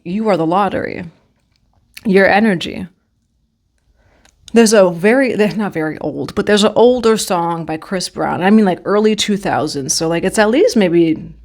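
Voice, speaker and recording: Woman reading tarot cards for her viewers, chatty and encouraging, hums bits of songs in between. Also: fairly low pitch. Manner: chatty, affirming, sings snatches of songs. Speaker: tarot reader. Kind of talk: casual spiritual tarot reading.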